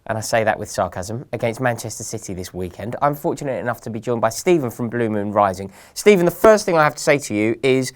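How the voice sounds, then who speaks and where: Earnest, measured man hosting football chat. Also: medium pitch, animated. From England. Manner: earnest, measured, gently sarcastic. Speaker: host.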